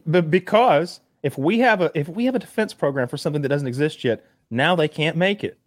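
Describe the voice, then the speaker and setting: A man's voice: fairly high pitch, expressive, fairly quick, no echo. A man on a casual chat podcast, telling stories in a rambling way with many restarts and fillers. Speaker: podcast co-host.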